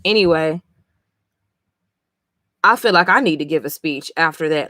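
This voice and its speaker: A woman talking casually on a live stream, tired after a long session, excitable and full of swearing. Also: lowish voice, moderate pace, pauses often, dry recording, clean studio sound. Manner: excitable, profane, emotional. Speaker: live-stream comic reader.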